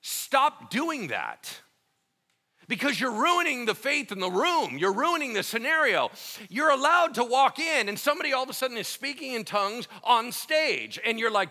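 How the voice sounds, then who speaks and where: A man preaching a sermon in a casual, slangy, conversational way, swinging between quiet stretches and loud, emphatic ones. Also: extremely high pitch, sing-song, moderate pace. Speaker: pastor.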